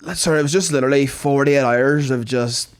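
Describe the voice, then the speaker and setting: A man's voice: mid-range voice, a little fast, clear, resonant tone. A Northern Irish man, a comedian co-hosting a podcast, telling rambling stories in casual chat and swearing freely. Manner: rambling anecdotes, heavy swearing.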